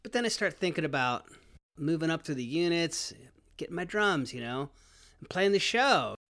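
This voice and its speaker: Man, storyteller, casual profane delivery, slightly high pitch, bright tense tone. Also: animated, moderate pace. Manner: casual, profane, heavy use of "like" and "you know". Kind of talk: first-person storytelling monologue.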